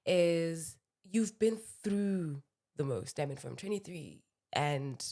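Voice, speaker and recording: A woman's voice: low voice, lively intonation, takes it slowly, mellow. A woman hosting a podcast interview, attentive and affirming. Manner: attentive, affirming, frequent murmurs of agreement. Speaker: podcast host.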